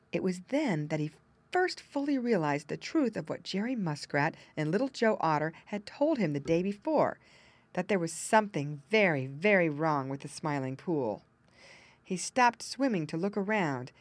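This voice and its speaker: A woman narrating a children's storybook aloud with expressive storytelling emphasis. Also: mid-range voice, dry recording. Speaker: audiobook narrator.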